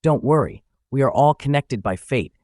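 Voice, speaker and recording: A man reading the lines of a calm, elderly sect master, steady and authoritative. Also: medium pitch, normal speed, no room sound, clean studio sound, voice pushed up, lightly acted. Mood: solemn.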